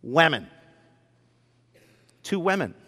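Animated male pastor in a reverberant hall. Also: a little high, takes it slowly, slightly rough. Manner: animated, acts out quotes, frequent fillers and restarts. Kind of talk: conversational sermon.

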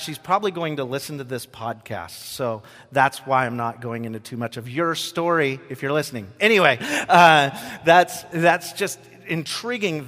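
A man's voice: medium pitch, a bit bright, long reverb tail. A man preaching a podcast sermon in a loose, conversational way, with frequent fillers, reading scripture aloud between comments. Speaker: pastor.

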